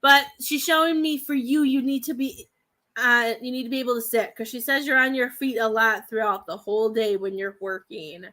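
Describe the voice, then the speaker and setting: A woman's voice: a little high, normal speed, bright, forceful tone. A woman in her thirties giving a rambling, hesitant psychic reading to viewers on a live stream, full of fillers and restarts. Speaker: psychic medium.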